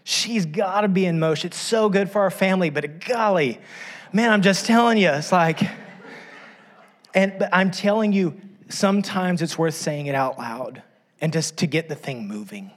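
A man's voice: high-pitched, moderate pace. A middle-aged man preaching a sermon in a conversational way, with frequent asides to the congregation and self-deprecating humor. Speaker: pastor.

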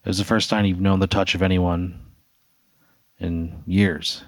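A man's voice: low-pitched, flat delivery, unhurried, no room sound. A man hosting, narrating an improvised hypothetical scenario in second person, loose and rambling with fillers. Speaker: host.

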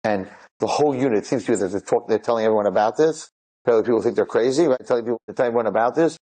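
A man telling a miracle story to a congregation, animated, dropping Hebrew words and slowing down for quoted lines. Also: medium pitch.

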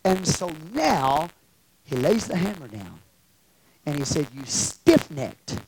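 A pastor preaching a sermon, emphatic, moving from quiet passages to shouted ones. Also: medium pitch, sing-song, slow pace, vocal fry, rough recording.

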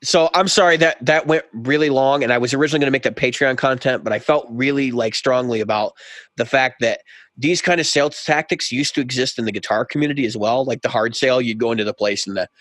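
A man's voice: medium pitch, fast talker, fairly bright tone, no echo. A man co-hosting a podcast who tells a long story in casual chat and acts out both sides of a heated exchange. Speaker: podcast co-host.

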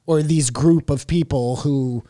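A man's voice: on the high side, a little slow, warm tone, no room sound, studio quality. A man co-hosting a podcast in casual chat, rambling between thoughts and swearing offhandedly. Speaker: podcast co-host.

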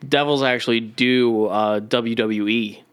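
Low-key male podcast guest. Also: fairly even intonation, unhurried, clear, resonant tone. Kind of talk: casual banter.

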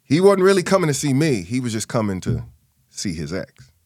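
A man's voice: brisk, no echo. Dry-voiced man telling a family story. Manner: animated, acts out quoted voices with big pitch jumps. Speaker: guest. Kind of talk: personal storytelling in an interview.

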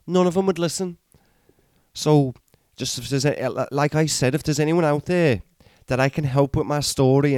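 Guy putting on a raised-pitch ranting bloke, sweary, keeps calling everyone lad, dry close sound. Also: darkish tone, no room sound, close to an everyday voice. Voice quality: rough, sweary, slangy accent that wanders all over. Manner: ranting, repeating himself, calling listeners lad. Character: aggrieved working-class male author, ranting and self-pitying. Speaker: comedy podcast guest character.

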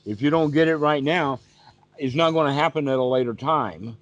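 A man's voice: a little high, moderate pace, no room sound. A male meditation teacher giving a patient, repetitive teaching talk over a video call. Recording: dull, dry lo-fi call audio.

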